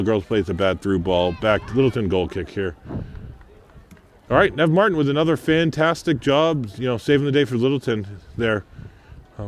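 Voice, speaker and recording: A man's voice: mid-range voice, a little mellow, a little hiss or hum. A man calling play-by-play on a local soccer game, chatty, breaking off to coach and explain. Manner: conversational, with coaching asides. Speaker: play-by-play commentator. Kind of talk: local sports commentary. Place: high up above a field, outdoors.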